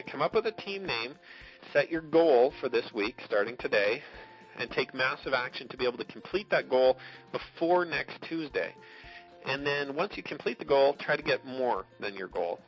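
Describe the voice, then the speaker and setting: A man coaching his network marketing team on a motivational call, emphatic, often checking in with "okay?" and laughing between points. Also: mid-range voice. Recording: dull lo-fi recording with faint music.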